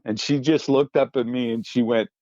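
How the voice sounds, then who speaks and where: A man with a New York accent, a guest telling lively stories in casual chat and swearing freely. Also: mid-range voice, moderate pace, dry recording, dull audio. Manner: animated storyteller, swears freely.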